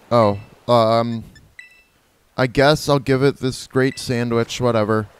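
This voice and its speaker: A gameplay video host with a clean, mid-range voice offers casual let's-play commentary on his own play. He's rambling and playful, catches and corrects himself, and throws in imitations of creature cries.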